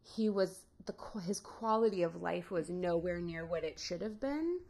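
A woman speaking as a guest in a podcast interview, reflective and candid, often pausing and restarting. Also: fairly low pitch, lively intonation, dark tone. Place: in-person studio interview.

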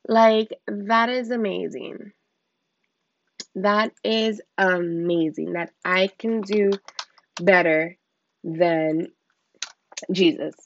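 Slow, gravelly woman hosting excitedly. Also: medium pitch, dry recording. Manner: excitable and rambling, with many exclamations. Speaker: podcast host. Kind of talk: casual Bible teaching. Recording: slightly muffled lo-fi recording.

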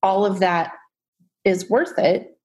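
A woman's voice: mid-range voice, slow pace, darkish tone. A woman hosting a faith podcast, asking reflective questions and affirming her guest. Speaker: podcast host. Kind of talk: conversational interviewing.

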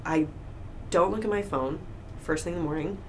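A woman talking openly in a casual conversation, telling personal stories with lively acted-out quotes. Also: lowish voice, normal speed. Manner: open, animated storytelling with acted-out quotes. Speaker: guest. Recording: faint background noise.

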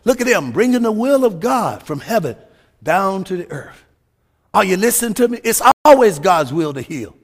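A man preaching a fervent sermon, shouting his points and calling out hallelujahs. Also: high-pitched, sing-song, normal speed.

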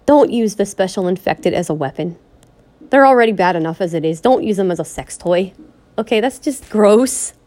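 A woman's voice: lowish voice, animated, brisk, darkish tone. A woman vlogger ranting in a personal vlog, pleading and upset, repeating herself and restarting her sentences. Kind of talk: emotional personal vlog rant.

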